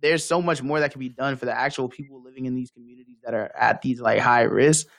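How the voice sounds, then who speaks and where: A man's voice: medium pitch, fairly even intonation, quick pace, vocal fry, a bit bright, no room sound, studio quality. A young man co-hosting a casual talk show, speaking frankly and with emphasis. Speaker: podcast co-host. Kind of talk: casual chat.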